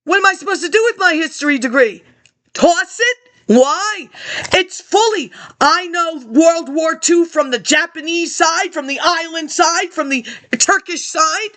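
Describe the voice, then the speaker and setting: A woman's voice: very high-pitched, animated, measured pace, fairly bright tone. A woman ranting about politics to an absent audience, confrontational and accusing, jumping from topic to topic.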